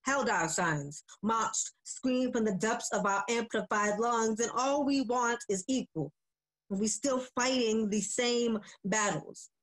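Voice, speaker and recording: A woman educator speaking over a phone on a video call, laid-back and emotional as she talks, then slow and forceful as she recites spoken word poetry. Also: a little high. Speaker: educator and poet.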